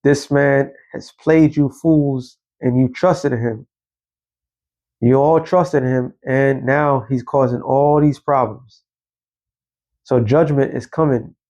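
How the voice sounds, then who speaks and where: A man's voice: mid-range voice, steady tone, slow, a little mellow, highs cut off. A man giving a blunt, scolding religious commentary and quoting scripture. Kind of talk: preaching commentary.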